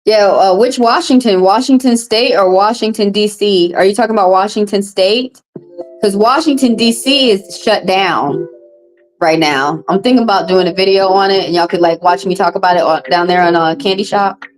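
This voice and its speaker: A woman with a Southern US accent reading tarot on a live stream, chatting casually in a profane, animated way. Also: mid-range voice, normal speed, faint music behind, rough recording. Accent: Southern US, Texas. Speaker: tarot reader.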